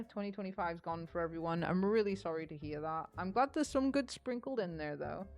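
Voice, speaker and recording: A woman streamer chatting casually with her viewers, bubbly and welcoming. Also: medium pitch. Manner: bubbly, chatty, greets chat warmly. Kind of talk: casual live-stream chat.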